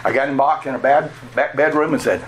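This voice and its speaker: A man's voice: mid-range voice, quick pace. A man from Georgia, preaching a sermon through a candid personal story and chuckling at himself. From Georgia, USA. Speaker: pastor.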